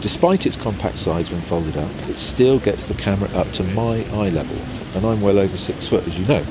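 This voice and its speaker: A man reporting from an outdoor location as a photographer, describing his travel gear in a measured, scripted way. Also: low-pitched. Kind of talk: scripted location piece to camera. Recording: outdoor street noise.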